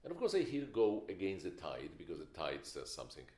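A man's voice: sits low, wildly swooping pitch, brisk, a little mellow. An older man giving a film masterclass, opinionated and emphatic, with wry stories. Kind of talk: masterclass lecture. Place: lecture hall. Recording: echoey lecture hall.

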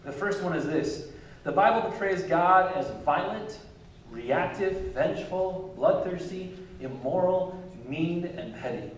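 A man's voice: sits high, measured pace, slight background noise. A man preaching a sermon as pastor, conversational and easygoing, with light chuckles between his points. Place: church sanctuary. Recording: echoey church hall from far off mic.

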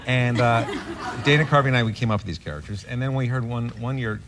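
A man's voice: mid-range voice, fast talker, a faint crowd. A middle-aged man, a talk show guest, telling an anecdote with a lot of laughter in his voice. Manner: animated, laughing through punchlines. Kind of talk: anecdotal storytelling. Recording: noisy TV studio recording.

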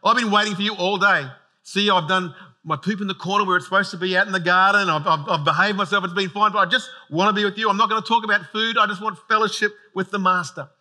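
A man's voice: high voice, steady tone, fast talker, pushed and bright, voice pushed up. A man voicing an eager, adoring pet dog greeting its master, gushing with devotion. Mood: overjoyed.

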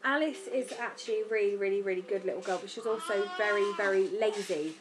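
A young British woman with an English accent chatting casually to camera about family life, lively and a bit tired. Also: medium pitch, fast talker, background noise. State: tired from lack of sleep. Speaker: vlogger.

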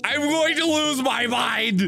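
A man's voice: extremely high pitch, slow, creaky, bright, forceful tone. A young man hosting a let's play, melodramatically raging, pleading and whining at a hard game. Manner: pleading, chanting repeated words. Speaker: gaming video host.

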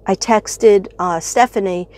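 A woman's voice: mid-range voice, slow, a little mellow. A woman in her fifties, a retired teacher, chatting in a rambling, bubbly way on her astrology vlog, laughing often. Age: 50s. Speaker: astrology vlogger.

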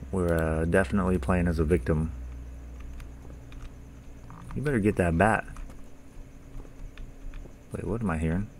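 A man's voice: low voice, fairly even intonation, measured pace, long pauses, slight background noise. A young man casually commentating a horror game, joking, swearing and talking back to the characters. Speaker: gaming YouTuber.

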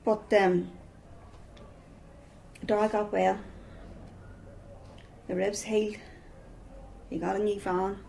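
A woman's voice: mid-range voice, level tone, slow pace, creaky, long pauses, mellow, a little hiss or hum, rough recording. A middle-aged woman with a Northern Irish accent giving a personal testimony, telling her story with many repeated "I says".

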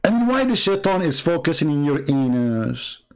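A man hosts a live stream in a voice that sits a little high for a man. He mocks his target with sarcastic rhetorical questions. His English comes out in broken, non-standard grammar. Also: sing-song, moderate pace, a little mellow, clear, resonant tone. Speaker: livestream host. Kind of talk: mocking live-stream commentary.

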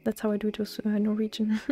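German-accented woman, soft mellow half whisper, close mic, chill gaming stream asmr vibe. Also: mid-range voice, quick pace. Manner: often half-whispered, relaxed, answers chat between gameplay. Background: faint lo-fi music.

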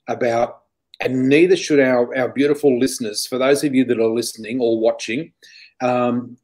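A man, a psychic guest in an interview, telling animated, chatty stories full of exclamations. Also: mid-range voice, low-quality recording. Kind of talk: casual storytelling interview.

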